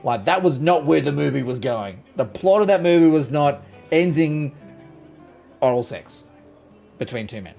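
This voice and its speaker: A man's voice: a little high, lively intonation, normal speed, gravelly, long pauses, mellow, faint music behind. A man streaming live, telling a rambling, profane story with lots of restarts. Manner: rambling, swears freely, restarts a lot. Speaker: game streamer.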